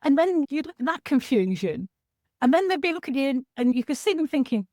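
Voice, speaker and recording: A woman in her sixties with a fairly high voice, speaking over a video call in a chatty, frank and animated way. The sound is dry and close, with no room around her. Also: a little fast, dry recording. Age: 60s. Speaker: sobriety coach speaker. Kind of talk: casual talk on a video call.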